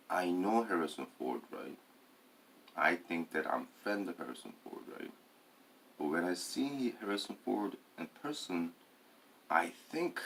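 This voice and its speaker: A man's voice: low-pitched, vocal fry, fairly bright tone, slight background noise. A man talking in a rambling, hesitant monologue, full of fillers and tag questions.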